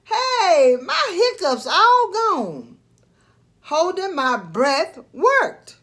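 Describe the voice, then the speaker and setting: A woman doing a loud, excitable cartoon dog. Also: high voice, slow pace, exaggerated voice. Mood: excited. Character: clumsy cheerful male cartoon dog, excitable. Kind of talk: storybook read-aloud.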